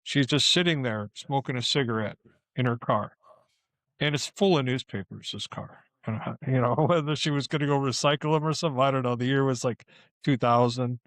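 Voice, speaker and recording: A man's voice: mid-range voice, fairly quick, dry recording. A man who works as a ghost tour guide, telling a story casually and acting out the people in it. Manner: animated, acts out the people in his stories.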